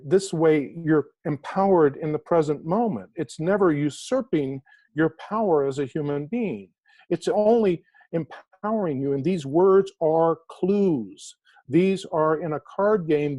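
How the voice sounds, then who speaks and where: A man being interviewed as an author who tells an inspirational story with animated emphasis, slowing down to stress key words. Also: on the high side, no room sound.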